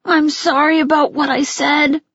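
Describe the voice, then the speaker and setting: A woman's voice: high-pitched, a little slow, no echo, highs cut off, pitched above the performer's own voice. A woman doing a small, anxious young boy. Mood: pleading, tearful. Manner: small pleading questions.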